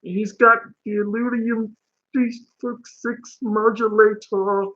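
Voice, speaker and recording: A man's voice: sits high, level tone, takes it slowly, fairly bright tone, highs cut off, voice pushed up, heavily acted. A man voicing a small cartoon Martian who wants to blow up the Earth, in a prim, mock-polite manner. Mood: prim menace.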